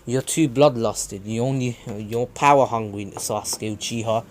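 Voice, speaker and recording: A man voicing a confident teenage ninja boy who lectures his rival calmly, in his own everyday voice with hesitations and restarts. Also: medium pitch, moderate pace, slight background noise, natural voice. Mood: calm, lecturing. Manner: plain storytelling voice with ums and restarts. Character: confident teenage male ninja, calm and preachy. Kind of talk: retelling a fan story.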